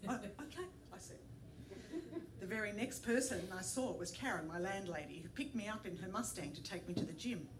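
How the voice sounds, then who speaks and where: A woman's voice: mid-range voice, brisk, far from the mic. A woman from Australia, telling a personal story and doing voices for the people in it. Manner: animated, puts on voices for the people in the story, laughs along. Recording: echoey room with faint noise.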